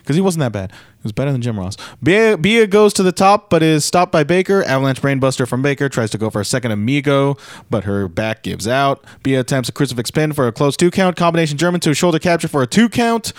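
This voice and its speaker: A man's voice: medium pitch, fast, dry recording. A young man co-hosting a podcast, recapping wrestling matches move by move and adding dry asides. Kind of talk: casual recap chat.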